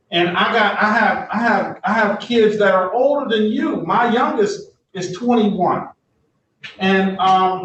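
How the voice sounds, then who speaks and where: A man's voice: sits high, a bit bright, muffled recording, slight background noise. A man in his fifties, a judge at a court hearing, reading case numbers and lecturing a defendant, stern but fatherly, with stammering restarts. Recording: echoey courtroom audio from far off.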